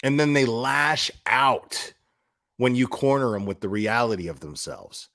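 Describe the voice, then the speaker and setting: A young man talks straight to his live chat in a blunt, profane rant. He heats up and mocks as he goes, and keeps restarting his sentences. His voice sits at an ordinary middle pitch. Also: expressive, a little slow, a bit bright, no room sound, studio quality. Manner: blunt, profane, heated and mocking; repeats and restarts words often. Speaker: YouTube commentary streamer. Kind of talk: casual live-stream commentary.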